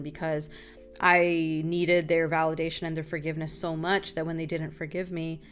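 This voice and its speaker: A young adult woman hosting a casual group talk, telling a personal story with lively, animated delivery and calling listeners "y'all". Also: on the low side, normal speed, clear, resonant tone. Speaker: talk show host.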